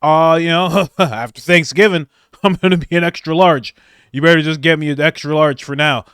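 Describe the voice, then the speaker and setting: A goofy, jolly uncle, as a man puts him on, chuckles through his lines in a slightly raised, louder voice. The delivery is loose and comic, and the sound is dry and close. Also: a little high, normal speed, smooth, no room sound, natural voice. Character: jolly heavyset uncle joking about his size.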